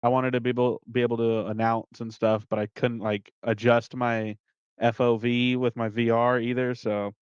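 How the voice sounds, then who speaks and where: Male league organizer, smooth voice on a dull lo-fi mic, dry sound, casual and profane. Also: medium pitch, moderate pace, no room sound. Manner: relaxed, swears, laughs often. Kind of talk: casual chat.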